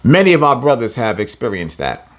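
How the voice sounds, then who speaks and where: This man leads a casual Bible lesson at a brisk clip, his voice sitting at medium pitch. Lively and full of laughter, he reads each passage aloud before paraphrasing it in slangy terms.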